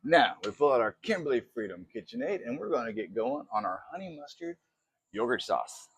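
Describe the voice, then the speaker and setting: A man chatting through a casual cooking demo in his home kitchen, excitable and poking fun at himself. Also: medium pitch, a little fast, husky, no room sound. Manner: chatty, excitable, self-mocking. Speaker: cooking vlogger.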